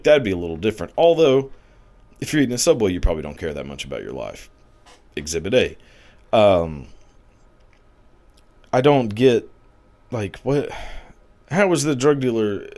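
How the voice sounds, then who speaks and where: A man's voice: medium pitch, darkish tone. A man delivering a crude, sarcastic comedic rant, swearing freely and leaning on "like" as filler.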